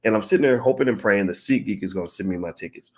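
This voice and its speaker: Fast-talking man telling a profane story. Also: fairly low pitch. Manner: profane, animated, acts out quotes. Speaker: channel host. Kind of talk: casual storytelling to camera.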